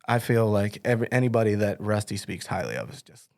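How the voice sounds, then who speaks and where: A man's voice: lowish voice, big pitch swings, quick pace, darkish tone. A middle-aged man hosting an interview, chatting casually and telling stories with lots of fillers and restarts. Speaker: podcast host.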